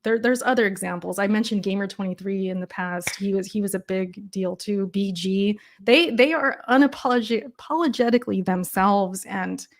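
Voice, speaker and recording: A woman with a calm, soft-spoken voice chats thoughtfully as a guest on a video call. She laughs often and restarts her sentences as she talks things through, keeping a relaxed, even delivery throughout. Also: mid-range voice, moderate pace, hardly any pauses. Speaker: guest gamer and YouTuber. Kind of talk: casual interview chat.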